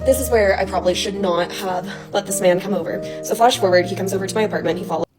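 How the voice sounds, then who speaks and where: A woman telling a dating story in a casual, chatty way, full of "like" fillers. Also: medium pitch. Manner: rapid, filler-heavy, chatty. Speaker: storyteller in a social media clip. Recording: clip with loud music underneath. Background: loud music.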